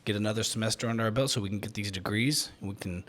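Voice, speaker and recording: A young man hosting a casual solo podcast, rambling and joking, getting loud when he goofs around. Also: fairly low pitch, fast. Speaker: podcast host. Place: small home podcast room.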